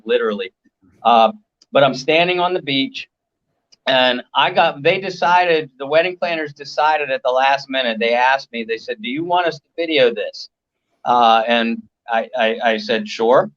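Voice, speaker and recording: Relaxed co-host man, muffled sound. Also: mid-range voice. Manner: relaxed, halting with fillers. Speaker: podcast co-host. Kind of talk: casual chat.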